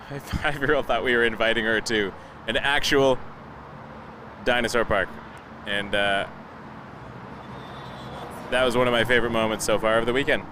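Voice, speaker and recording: A man's voice: mid-range voice, fairly even intonation, normal speed, long pauses. A man in his thirties hosting a live plane-spotting stream outdoors by an airport, chatting and telling family anecdotes. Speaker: livestream host. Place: outdoors near a busy airport. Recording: noisy outdoor livestream audio. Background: traffic and outdoor ambience.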